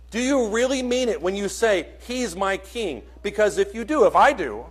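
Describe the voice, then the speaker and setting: Earnest higher-voiced male preacher. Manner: earnest, questioning, swings between soft and loud. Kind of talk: sermon. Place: church.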